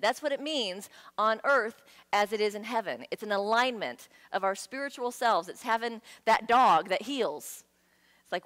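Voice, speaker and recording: A woman giving a sermon in a conversational, playful way, with lively asides to the congregation. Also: mid-range voice, normal speed. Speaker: guest speaker. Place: church sanctuary. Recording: long hall reverb.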